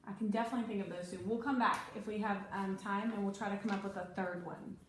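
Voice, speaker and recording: A woman giving a one-on-one reading lesson, brisk and corrective as she prompts a child. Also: mid-range voice, fairly even intonation. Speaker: reading tutor. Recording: echoey room with faint noise.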